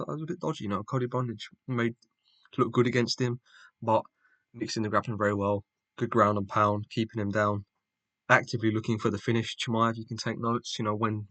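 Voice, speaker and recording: Man, rapid-fire fight recap, blunt and sweary, dry close sound. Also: medium pitch, a bit bright, dry recording. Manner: blunt, opinionated, sweary, mocking. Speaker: MMA fan reviewer. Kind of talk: casual fight recap commentary.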